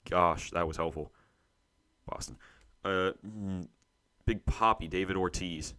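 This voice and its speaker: A man's voice: sits low, measured pace, sharp tone. A young man, co-host of a sports show, thinking aloud to himself as he works through a trivia quiz, muttering and searching for names.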